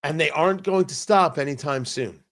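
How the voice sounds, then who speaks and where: A man's voice: on the high side, moderate pace. A man hosting a political commentary show, delivering a combative, sarcastic opinion monologue with emphatic repetition.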